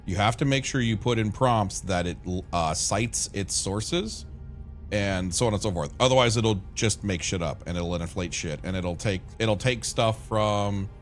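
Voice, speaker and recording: A man streaming a game, chatting casually to his viewers, rambling and swearing freely. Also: deep voice. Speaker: gaming streamer. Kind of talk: casual gameplay chat.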